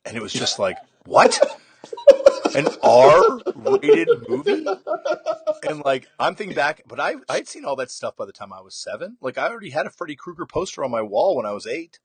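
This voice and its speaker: A middle-aged man hosting a podcast in casual interview chat, with quick backchannels and easy laughter. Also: mid-range voice, big pitch swings, a bit bright, slightly rough, no echo. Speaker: podcast host.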